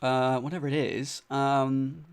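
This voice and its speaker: A smooth, medium-pitched male voice speaks at a measured pace with flat delivery. He's a British man live-streaming himself solving a crossword, thinking out loud, repeating clues, and chatting with his viewers, full of fillers and restarts, in the style of casual stream commentary.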